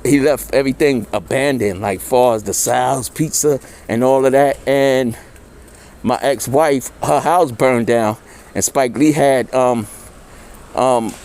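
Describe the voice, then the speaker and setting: Man in middle age, mellow low-key tone, slangy storyteller. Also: unhurried. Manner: slangy, loose street talk, acts out quoted voices higher. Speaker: interviewee. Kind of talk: casual storytelling.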